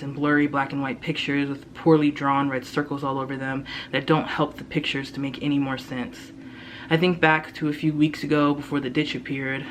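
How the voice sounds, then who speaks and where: A young man, a student, reading his own first-person fiction aloud in a steady, low-key way. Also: slight background noise, poor audio. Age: young adult. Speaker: student reader.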